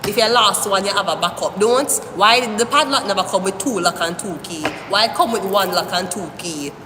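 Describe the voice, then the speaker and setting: A woman giving a live-stream tarot reading, talking straight to the viewer in an animated, rambling way, often cursing. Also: medium pitch, normal speed. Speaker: tarot reader. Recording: echoey room with long reverb, faint hiss.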